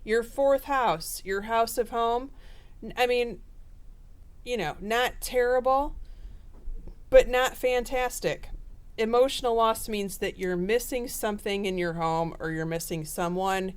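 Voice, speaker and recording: A woman's voice: on the high side, measured pace, clean tone. A woman giving a casual tarot reading in a chatty, rambling way with fillers. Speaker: tarot reader.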